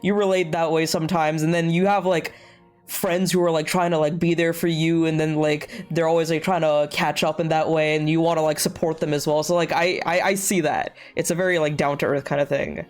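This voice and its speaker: A man's voice: fairly high pitch, brisk, faint music behind. A man co-hosting a casual podcast chat, retelling scenes and acting out short quotes, with frequent restarts. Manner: animated, acts out quotes with restarts. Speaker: podcast co-host.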